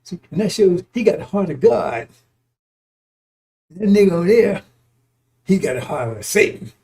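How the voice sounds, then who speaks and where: A man's voice: sits high, big pitch swings, moderate pace, gravelly, mellow. A man giving informal, emphatic preaching on scripture. He repeats himself, chuckles often and swears freely. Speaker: religious teacher.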